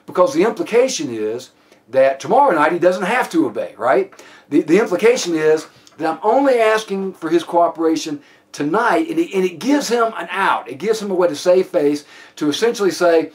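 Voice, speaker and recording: A man's voice: fairly high pitch, lively intonation, normal speed. A man lecturing a police training class, plainspoken and given to restarts and repeated words. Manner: plainspoken, many restarts and fillers.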